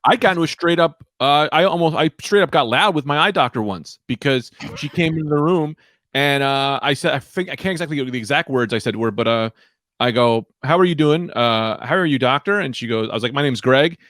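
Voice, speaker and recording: A man's voice: medium pitch, a little fast, no room sound, clean studio sound. A man co-hosting a comedy podcast, telling rambling, profane stories in casual banter. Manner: rambling, animated storytelling with profanity. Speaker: podcast co-host.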